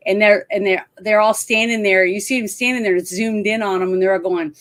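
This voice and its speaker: A woman's voice: mid-range voice, steady tone, a little fast, fairly bright tone. A woman co-hosting a casual talk show, retelling film scenes with lots of laughter. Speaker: podcast co-host. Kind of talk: casual chat about a film.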